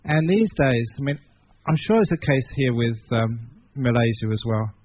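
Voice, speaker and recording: A monk with an English accent giving a sermon, telling a story in an animated way, swinging between loud and hushed passages. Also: male voice, medium pitch, moderate pace, lo-fi sound, slight background noise. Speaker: monk giving a Dhamma talk. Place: meeting hall.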